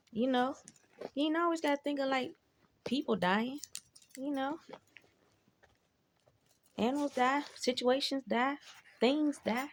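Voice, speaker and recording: A woman's voice: sits high, a little slow, pauses often, slight background noise. A woman telling personal stories in a laid-back, rambling way, swearing freely and adding asides. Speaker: vlogger. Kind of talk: casual storytelling.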